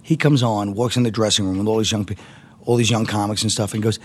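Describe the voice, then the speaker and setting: A man's voice: on the low side, quick pace, breathy edge. Rambling New comedian man. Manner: rambling, laughing, animated impressions. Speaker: comedian guest. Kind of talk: casual interview storytelling.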